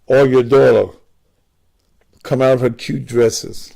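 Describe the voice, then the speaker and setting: A man hosting a call-in talk show, posing provocative, drawn-out rhetorical questions to his listeners. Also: mid-range voice, steady tone, vocal fry, dark tone.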